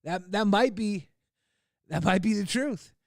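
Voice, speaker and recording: A man's voice: high voice, lively intonation, measured pace, creaky, a little mellow, no room sound, clean studio sound. Crude, laughing male livestream host. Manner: crude, laughing, puts on silly voices. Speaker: livestream host reacting to videos. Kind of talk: casual profane chat.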